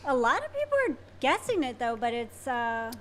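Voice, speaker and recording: A woman's voice: on the high side, sing-song, normal speed, a bit bright. A middle-aged woman co-hosting a live stream, chiming in with brief, teasing remarks. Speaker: co-host. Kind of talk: casual live-stream chat.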